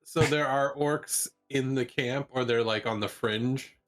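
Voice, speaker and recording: Male player, slow and hesitant, soft music. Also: medium pitch, fairly even intonation. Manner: hesitant, laughs at himself. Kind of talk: casual tabletop play.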